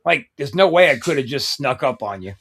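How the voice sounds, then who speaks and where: A man's voice: medium pitch, expressive, brisk, fairly bright tone, breathy edge. A man co-hosting a casual chat in a blunt, profane, skeptical way. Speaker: podcast co-host.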